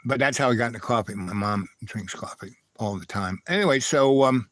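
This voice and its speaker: A man hosting a live stream, wandering through a personal story at a relaxed, meandering pace with many asides. His pitch sits in an ordinary middle range, and the sound is close and dry with almost no room echo. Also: a little fast. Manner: digressive, loose, full of "right?" and "anyway".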